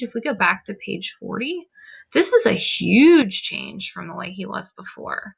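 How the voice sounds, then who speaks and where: Chatty teacher woman, bright and gravelly. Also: medium pitch. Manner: chatty, many "like" and "um" fillers; reads quotes from a novel aloud. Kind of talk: casual lesson walkthrough.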